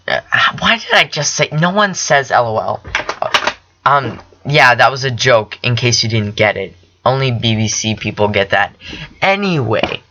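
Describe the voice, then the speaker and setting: Excitable rambling young man, lo-fi. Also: mid-range voice, slight background noise. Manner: rambling, excitable, self-correcting. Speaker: podcast host. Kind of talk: casual solo chat about TV shows.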